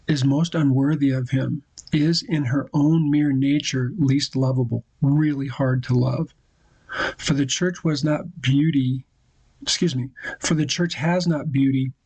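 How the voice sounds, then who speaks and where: A man hosting a devotional talk for husbands, speaking earnestly and quoting scripture, with pauses and restarts. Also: medium pitch, darkish tone, slightly rough, no room sound, rough recording. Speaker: host giving marriage advice to husbands.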